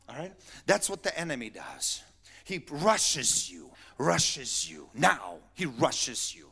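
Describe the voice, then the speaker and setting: A man preaching a sermon as pastor, animated and emphatic, repeating phrases to drive his points home. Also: on the high side, measured pace, breathy edge.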